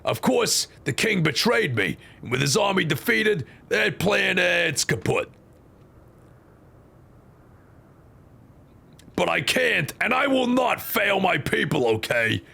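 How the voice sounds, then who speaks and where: A man voicing a gruff, foul-mouthed robot queen, in a comedic game voice-over. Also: sits high, sing-song, unhurried, few pauses, pushed and bright, voice pushed up, heavily acted. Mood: weary, then defiant. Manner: tough-talking, slangy, swears.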